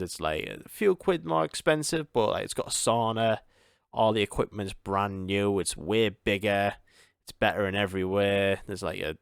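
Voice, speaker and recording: A man's voice: sits low, vocal fry, clean tone, no room sound, studio quality. A young man, hosting a solo podcast in a casual, rambling way, repeating words and laughing often. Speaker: podcast host.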